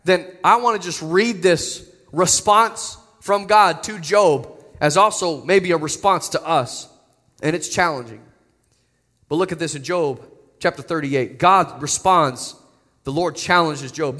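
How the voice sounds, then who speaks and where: A man's voice: a little high, a little slow, bright, forceful tone, big-room sound. A man preaching a sermon as pastor, earnest and conversational, often repeating words as he goes.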